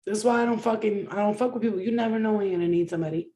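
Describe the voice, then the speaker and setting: A woman's voice: medium pitch, racing, mellow, slight background noise. A woman in a casual ranting monologue, blunt and heavily profane, firing off rhetorical questions. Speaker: spiritual reader, vlogger. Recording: echoey room.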